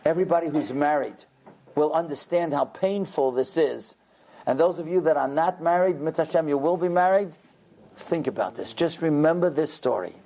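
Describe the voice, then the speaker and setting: A man's voice: a little high, moderate pace, mellow. A man giving a religious lecture, telling a story dramatically and acting out the people in it. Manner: dramatic storyteller who acts out characters. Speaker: rabbi lecturer.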